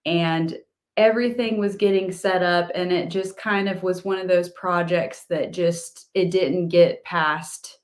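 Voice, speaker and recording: A woman's voice: lowish voice, fairly even intonation, unhurried. A woman actress being interviewed, bubbly and rambling, laughing easily. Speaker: actress, award nominee. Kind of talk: casual interview.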